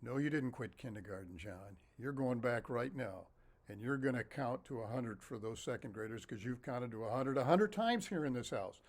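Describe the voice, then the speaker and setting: A firm, no-nonsense mother laying down the law to her little boy, as a man telling the story puts her on. Her lines come low and measured, a touch slower than his own talk. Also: expressive. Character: firm mother scolding her young son.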